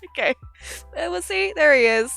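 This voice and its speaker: A woman's voice: high voice, expressive, normal speed, creaky, a bit bright. Giggly, sweary woman streamer. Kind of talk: casual live-stream chat. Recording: faint background music.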